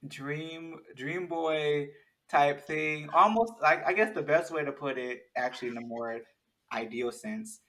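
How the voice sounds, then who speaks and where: A man talking in a casual, animated chat, rambling with many restarts. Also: a little high, measured pace, rough recording.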